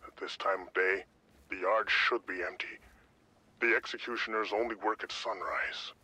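A man's voice: fairly low pitch, steady tone, moderate pace, sharp tone, slightly rough, heavily acted, low-quality recording. An actor playing a solemn, haunted male guide in a video game. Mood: hushed. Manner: solemn, foreboding. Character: grave male guide Tiago, haunted ally. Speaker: game character.

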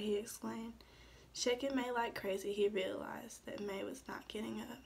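A woman's voice: on the high side, steady tone, moderate pace, vocal fry, slight background noise. Young woman reading her story aloud. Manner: reads from the page with small stumbles. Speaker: student.

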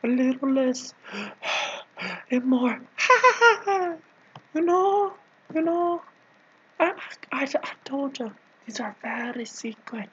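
A man's voice: very high voice, sing-song, slow pace, pauses often, sharp tone, slightly rough, lo-fi sound, heavily acted. A man doing a put-on voice for a bossy, scolding comic nanny character, rambling and teasing with sudden whispers. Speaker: video creator. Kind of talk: improvised comedy rant in a put-on voice.

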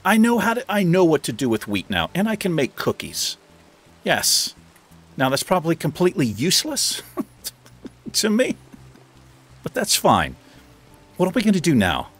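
Gaming host, male, lively up-and-down delivery, rain heard behind him. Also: moderate pace, husky, faint music behind. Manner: chatty, talks to the game animals, jumps into high excited bursts. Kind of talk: casual let's play commentary.

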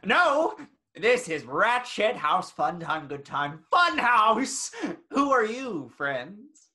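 A man playing a filthy, manic male rat who hosts a game show, with hammy, crude delivery and shouted cackling lines in a comedic stage play. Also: sits high, big pitch swings, slow pace, husky, heavily acted. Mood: sly.

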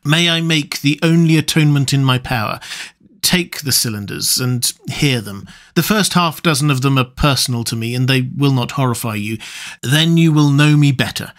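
Man reading as a sad old-fashioned doctor in a gothic audiobook, formal and solemn, mid-pitched. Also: moderate pace, fairly bright tone, close to an everyday voice. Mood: earnest. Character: sober, sorrowful gentleman doctor.

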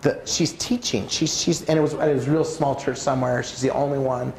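Animated man preaching in a roomy hall. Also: a little fast, slight background noise. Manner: animated, swings pitch widely while acting out stories. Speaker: conference speaker. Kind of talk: preaching talk with personal stories. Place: church auditorium. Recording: roomy church hall sound.

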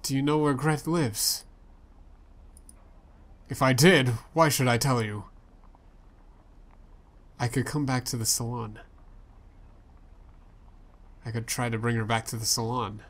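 A man's voice: medium pitch, steady tone, slow pace, pauses often, fairly bright tone. A man playing a story game, reading its dialogue aloud in a playful way and switching voices for the characters. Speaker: let's play gamer.

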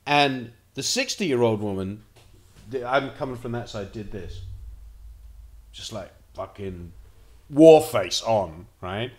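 Animated, swearing man telling stories. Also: fairly low pitch, takes it slowly, pauses often. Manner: animated, profane, rambling anecdotes. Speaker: vlogger. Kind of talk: casual storytelling to camera.

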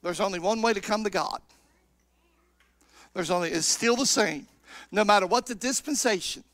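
A man preaching a fervent Pentecostal sermon in church, shouting in bursts and stretching his words. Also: high-pitched, no echo. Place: church sanctuary.

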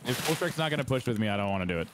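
A man trading wry jokes and quick callouts with friends in a game voice chat. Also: mid-range voice, expressive, very noisy. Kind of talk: casual gaming voice chat.

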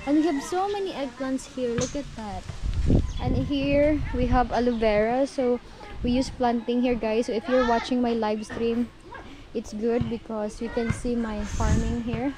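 A woman's voice: on the high side, fairly even intonation, a little slow. A young woman with a Filipino accent, chatting upbeat to viewers as she tours her mountain farm on a handheld phone. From Philippines. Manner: chatty, upbeat, often addresses viewers as guys. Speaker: vlogger. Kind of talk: casual vlog tour. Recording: noisy outdoor phone recording.

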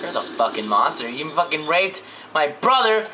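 A young man with a fairly high voice trades profane jokes with his friends over a co-op game. Loud game noise runs behind his voice the whole time. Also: big pitch swings, normal speed. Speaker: gaming commentator. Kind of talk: casual gaming commentary.

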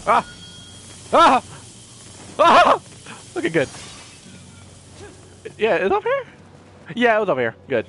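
A man casually commenting on his own gameplay, excitable, exclaiming and playfully taunting enemies into a desk mic. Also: high-pitched, normal speed, pauses often. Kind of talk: casual let's-play commentary. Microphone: personal desk mic.

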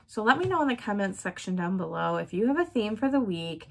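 A woman's voice: mid-range voice, very animated, a little fast, gravelly. A woman vlogger chatting casually about her weekly wax melts, listing scent notes and laughing often. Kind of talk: casual product chat.

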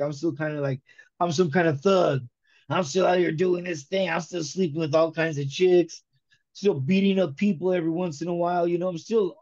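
A man giving an emotional conversion testimony in casual chat, animated and slangy, telling his story in the present tense. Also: fairly high pitch, dull audio.

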